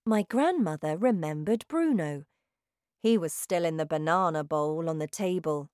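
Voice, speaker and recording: A woman reading a children's story aloud, slow and expressive. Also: deep voice, clean tone, dry recording, studio quality.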